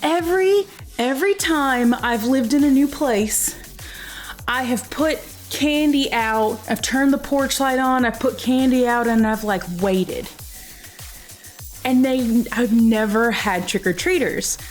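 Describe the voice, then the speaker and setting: A woman streamer chatting casually during a livestream, giddy and laughing often, a little high, and talking to her cat now and then. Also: slow, soft background music. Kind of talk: casual livestream chat while knitting.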